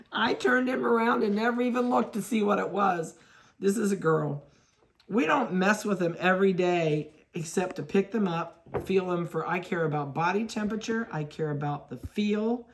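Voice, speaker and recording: A woman dog breeder giving a chatty running commentary while handling puppies, talking to them and laughing at her own mix-ups. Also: fairly low pitch. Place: indoors at a kennel.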